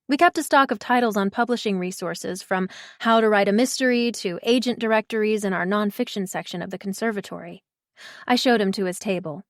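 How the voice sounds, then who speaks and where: A woman narrates a first-person audiobook in a measured, expressive manner, her voice medium in pitch. The recording is dry and close, with no echo or sense of a room.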